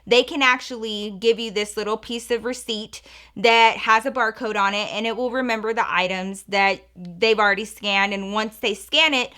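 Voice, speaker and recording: A young adult woman telling a story in a casual vlog, chatty and animated, talking straight to her viewers. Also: medium pitch, normal speed. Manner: chatty, animated, addresses viewers as girl and y'all. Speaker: storytelling vlogger.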